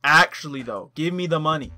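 Faint music plays behind a young man doing gameplay commentary on a life-sim title, hamming it up with playful trash talk. His voice is a little high and expressive, with a sharp tone and a slightly quick pace.

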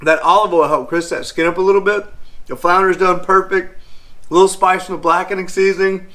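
A man's voice: high voice, steady tone, a little fast, fairly bright tone. A middle-aged man, hosting a cooking vlog in a home kitchen and talking straight to viewers in a folksy, upbeat way. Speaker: fishing channel host. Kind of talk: casual cooking vlog talk.

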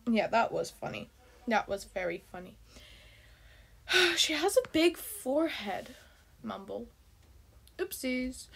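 A woman hosting her channel, chatting excitably while reacting to a game video and bursting into shrieks. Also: on the high side, takes it slowly, gravelly, pauses often, husky. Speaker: channel host.

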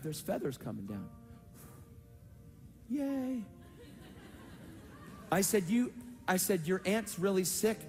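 A man preaching to a conference crowd, telling his stories with lively animation and leaping into high voices to act out the people in them. His voice sits a bit high for a man. It rings with long hall reverb, and faint music runs underneath. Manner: animated storytelling, acts out voices with big pitch jumps. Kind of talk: conference sermon with testimonies.

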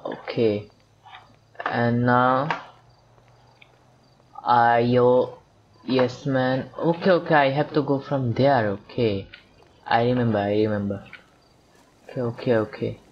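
A man's voice: medium pitch, takes it slowly, long pauses, lo-fi sound, slight background noise. A man gives casual commentary on a video game he is playing, rambling and talking to himself and to the characters on screen. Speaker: gameplay commentator. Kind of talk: casual let's-play commentary.

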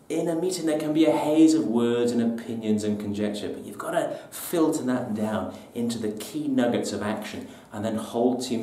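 A man's voice: on the low side, darkish tone, slight background noise. A man presenting business tips to camera in an emphatic, punchy, colloquial way. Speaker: business trainer. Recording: echoey room, mic at a distance.

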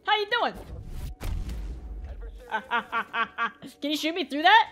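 A woman giving casual, joking gameplay commentary, with lots of excited exclamations. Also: sits high, very slow. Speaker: video game player.

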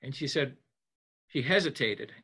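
A man as a psychologist guest in an interview, telling a story in a gentle, reflective way with frequent restarts. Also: medium pitch, lively intonation, a little slow, breathy edge.

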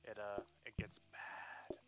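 A man teasing his friends casually during a multiplayer game. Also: slow pace. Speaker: co-player on stream. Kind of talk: casual gaming chat. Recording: voice over loud game music.

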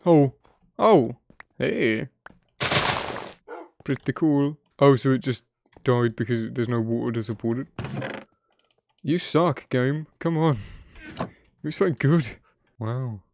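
Excitable, sweary young man gaming. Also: mid-range voice, slow pace, vocal fry, long pauses, a little hiss or hum. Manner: excitable, swears a lot, talks to his animals. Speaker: gaming video creator. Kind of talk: casual gameplay commentary. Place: home editing room.

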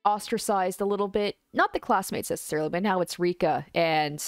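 A woman's voice: lowish voice, brisk, no echo, soft background music. A woman reading a visual novel aloud and reacting casually between passages, with exclamations and musing asides. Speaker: let's play host.

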